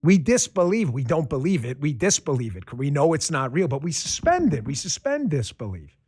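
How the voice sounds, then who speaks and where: A male host delivering a sarcastic political monologue. His voice sits high and swings widely, rising and dropping as he riffs. He talks in a loose, animated way, mixing jokes with argument. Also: moderate pace, husky.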